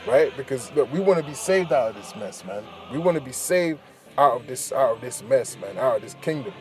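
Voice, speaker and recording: A man's voice: mid-range voice, lively intonation, fairly quick, a little mellow, faint music behind. A man preaching in a casual, street-style way, tagging "man, right?" onto nearly every phrase. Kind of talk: preaching commentary over a news clip.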